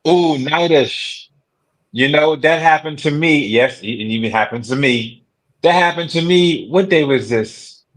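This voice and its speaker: Guest, man, high voice, animated storyteller. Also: unhurried, rough recording. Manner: lively storytelling with acted voices. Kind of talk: casual storytelling.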